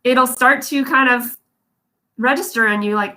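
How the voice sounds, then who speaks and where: A young adult woman teaching voice care in a relaxed livestream, talking to viewers in a chatty, encouraging way. Her voice is bright and sits a little high. She sounds like she is speaking into a phone or webcam. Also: moderate pace. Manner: chatty, encouraging, demonstrates vocal fry. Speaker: vocal coach. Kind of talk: casual livestream lesson.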